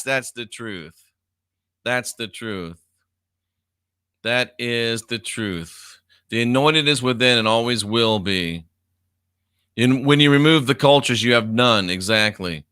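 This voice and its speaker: A man in his fifties runs a casual live stream, reading out viewer comments with blunt, profane remarks. His voice is bright and forceful, with a crisp, clear tone. The sound is dry, with no room echo. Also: lowish voice. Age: 50s. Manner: blunt and profane, reads comments aloud and laughs often.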